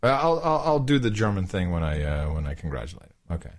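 A man's voice: low-pitched, fast talker. A man co-hosting a podcast, joking around while he reads listener notes. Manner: joking, lively, breaks into mock singing. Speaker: podcast co-host. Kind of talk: casual banter reading listener notes. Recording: remote call line, drops in and out.

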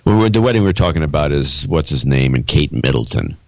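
A man's voice: extremely low pitch, lively intonation, fairly quick, a little mellow, dry recording. A man co-hosting a podcast in casual chat, asking skeptical, probing questions. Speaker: podcast co-host.

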